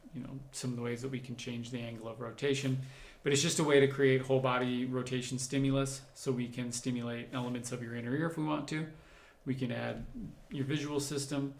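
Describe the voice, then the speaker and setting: Man, doctor, live Q&A host, mid-pitched, conversational explanations, roomy echo. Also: vocal fry, a little hiss or hum. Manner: conversational, explanatory, thinks aloud while answering. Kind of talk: livestream Q&A, reading and answering viewer comments.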